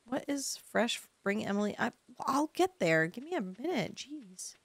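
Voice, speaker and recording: A young adult woman streams a farming game, her voice a little high and very animated at a moderate pace, in a dry recording. She gives casual let's-play commentary to her chat, chatty and sarcastic, swearing now and then and yelping when she panics.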